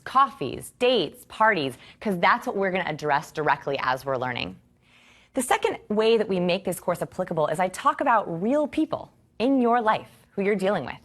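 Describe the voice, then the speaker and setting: A woman in her thirties teaching a course to a live audience, enthusiastic and expressive, asking rhetorical questions. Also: mid-range voice. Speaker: course instructor.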